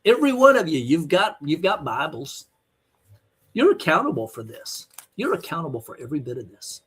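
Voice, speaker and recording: Husky man, fiery preaching. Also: a little high, big pitch swings, brisk, a bit bright. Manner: emphatic, blunt and scolding. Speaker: Bible teacher. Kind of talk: online teaching sermon.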